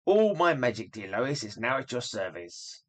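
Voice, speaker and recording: A man's voice: mid-range voice, very animated, normal speed. A man voicing a mischievous male imp acting as fairy godmother while reading a comic aloud, with grand, old-fashioned, theatrical speech. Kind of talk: comic book read aloud.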